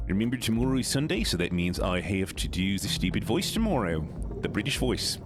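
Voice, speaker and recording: Male streamer, stuffy nose, lively up-and-down delivery, faint game music underneath. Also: lowish voice, fairly quick. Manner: talks to chat while playing, chatty and playful. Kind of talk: casual gaming stream chat.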